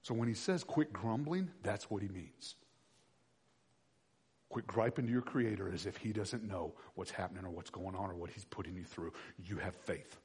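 A man preaching a sermon to his congregation, asking them questions and swinging between loud shouted passages and quiet low ones. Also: normal speed, breathy edge, in a large hall. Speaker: pastor.

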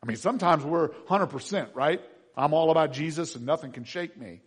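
A man preaching a sermon as pastor, animated and conversational, acting out voices of people in the story. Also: on the high side, brisk, breathy edge.

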